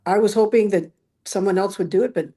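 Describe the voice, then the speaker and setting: A woman singer talks as a podcast guest. She rambles in an animated way, and her voice sits at an ordinary pitch for a woman. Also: fairly quick. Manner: talkative, rambling, animated storyteller. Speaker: musician guest. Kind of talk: casual interview chat.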